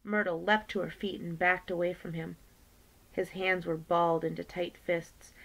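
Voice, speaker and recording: A woman's voice: on the low side, little pitch movement, normal speed, gravelly, a bit bright, poor audio. A woman teacher reading a novel aloud to her class, page by page, lightly voicing the characters.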